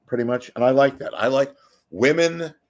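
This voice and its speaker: A man's voice: medium pitch, moderate pace. A man hosting a live stream, rambling through jokes in a casual monologue, swearing often and greeting viewers by name. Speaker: livestream host.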